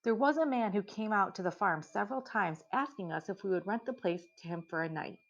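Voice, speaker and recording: A woman voicing a worried middle-aged farmer's wife, flustered, with her pitch rising as she talks. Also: expressive, brisk. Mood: fretful. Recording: dull lo-fi recording.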